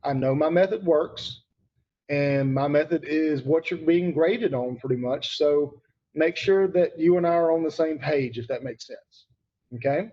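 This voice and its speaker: A man's voice: on the high side, measured pace, dark tone, dull audio, a little hiss or hum. A man teaching grammar to students online, emphatic and repeating key points, calling on students by name.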